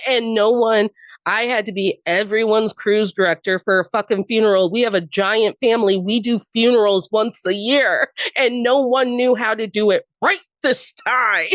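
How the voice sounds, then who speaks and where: A woman's voice: medium pitch, a little slow, dry recording. A young adult woman on a podcast, telling personal stories candidly with frequent laughter and the odd swear. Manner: candid storytelling, laughs often, swears freely. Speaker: podcast guest. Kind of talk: casual chat.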